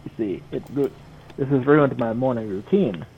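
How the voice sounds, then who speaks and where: A man voicing a shy shapeshifter girl in human form, speaking in a prim, halting way. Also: mid-range voice, dull audio, slight background noise, close to an everyday voice. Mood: prim, put out.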